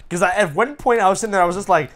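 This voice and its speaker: A young man co-hosting a casual podcast, chiming in with quick jokes and interruptions. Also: high-pitched, fairly bright tone. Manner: chimes in with quick jokes and agreement. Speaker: podcast co-host. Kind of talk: casual chat over beers.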